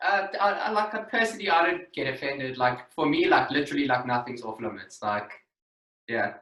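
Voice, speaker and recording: A South African man hosting a podcast, chatting in a relaxed way and filling his sentences with "like". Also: medium pitch, a little fast, echoey room, far from the mic, rough recording. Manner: relaxed, lots of filler "like", laughs easily. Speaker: podcast host. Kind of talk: casual podcast conversation.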